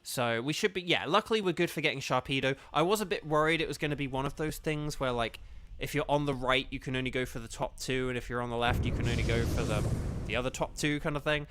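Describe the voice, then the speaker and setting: A fast-talking man with a mid-range, fairly bright voice chats casually with viewers while streaming a game, rambling and thinking aloud. He's a streamer and voice actor, and there's slight background noise.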